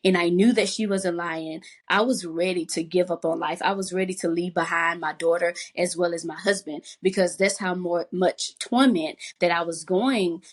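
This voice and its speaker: A woman's voice: fairly low pitch, steady tone, moderate pace, few pauses. Woman sharing an earnest faith testimony. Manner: earnest, emotional storytelling with faith language. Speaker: guest. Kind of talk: personal testimony in a podcast chat.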